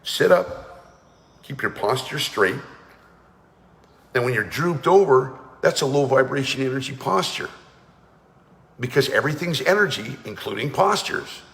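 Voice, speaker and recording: A man's voice: mid-range voice, expressive, measured pace, vocal fry, pauses often, fairly bright tone, long reverb tail. A man leading a guided energy and breathing class, talking firmly and urging listeners to join in. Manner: commanding, urges listeners to participate. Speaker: energy awareness coach.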